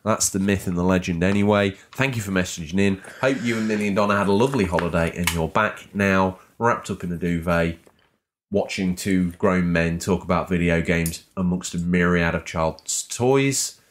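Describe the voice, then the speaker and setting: A man's voice: deep voice, moderate pace. A man co-hosting a gaming podcast, teasing his co-host and reading out viewer messages in a playful, casual way.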